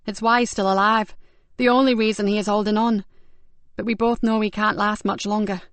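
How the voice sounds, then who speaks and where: A woman's voice: mid-range voice, steady tone, brisk, clean tone, dry recording, lightly acted. A woman voicing a determined female detective who speaks urgently and pleads to be heard.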